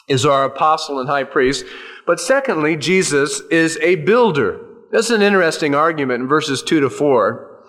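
A man's voice: a little high, a bit bright. A male pastor preaching a sermon in a conversational way, with folksy asides and touches of humor.

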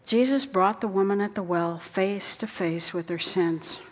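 A woman preaching a sermon in an earnest way, her voice dropping soft for quoted words. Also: medium pitch, unhurried. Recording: long hall reverb.

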